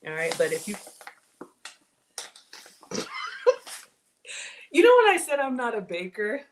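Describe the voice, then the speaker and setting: A woman's voice: mid-range voice, big pitch swings, fast, slight background noise. A woman with a Southern US accent hosting a casual cooking livestream from her home kitchen, chatty and self-deprecating as she talks to viewers. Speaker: cooking show host.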